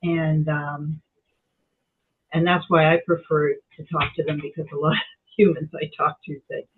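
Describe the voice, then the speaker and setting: A woman on a video call telling her experience in a meditation group, animated and acting out the voices she heard. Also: low voice, normal speed, a little hiss or hum. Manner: animated storyteller, acts out quoted voices. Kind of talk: casual chat on Zoom. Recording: tinny phone-like call audio.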